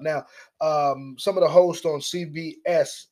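A man hosting a political commentary monologue, animated and mocking, often repeating his words. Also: a little high, normal speed. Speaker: commentary host.

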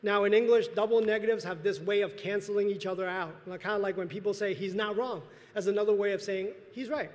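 A man preaching a sermon as pastor, earnest, pausing and restarting as he speaks, in a church sanctuary. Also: high voice, darkish tone. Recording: long hall reverb.

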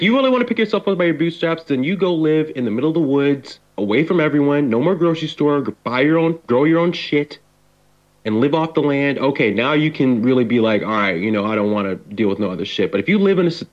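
A man co-hosting a casual podcast, ranting heatedly and cursing a lot. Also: mid-range voice. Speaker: podcast co-host. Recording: dull lo-fi sound.

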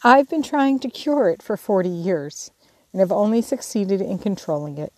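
Brief: a soft, soothing mother in an audiobook, read by a woman, mellow and dry. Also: medium pitch, animated, moderate pace, dry recording, close to an everyday voice. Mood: tender. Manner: soothing, tender. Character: gentle, patient middle-aged mother.

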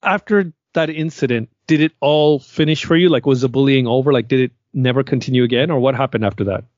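A man's voice: medium pitch, fast talker, darkish tone, no echo, highs cut off. A man in his fifties who grew up in Canada, co-hosting a podcast in a curious, casual way and asking follow-up questions. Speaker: podcast co-host. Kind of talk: casual chat.

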